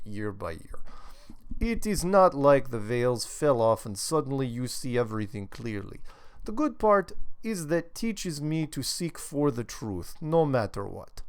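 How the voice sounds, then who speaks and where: A man's voice: fairly low pitch, vocal fry. A man hosting a show, reading listener emails aloud and commenting on them in a casual way. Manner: reads emails aloud, then comments with chuckles.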